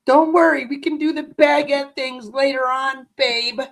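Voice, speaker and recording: Give me a teasing, smooth-talking frenchman, as a streamer puts him on, crooning to his wife. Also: very high voice, steady tone, measured pace, a bit bright, heavily acted.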